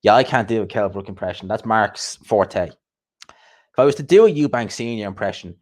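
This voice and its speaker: A man's voice: fairly low pitch, moderate pace, darkish tone. Laughing, swearing man. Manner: chatty, swearing, laughing often, repeats himself. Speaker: host. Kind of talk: casual livestream chat.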